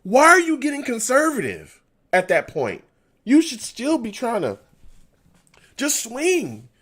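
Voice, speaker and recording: A fan livestream host reacts to a football game, exasperated and venting his frustration while reading chat messages aloud. His extremely high, bright voice swoops wildly and sounds forceful, though his pace is unhurried.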